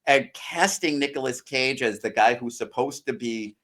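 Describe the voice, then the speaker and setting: An American man talks movies with friends in a loose, unhurried chat. His voice sits at an ordinary middle pitch, and he gives long, rambling explanations that wander from point to point. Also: a bit bright. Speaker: podcast co-host or guest. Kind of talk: casual film-discussion chat.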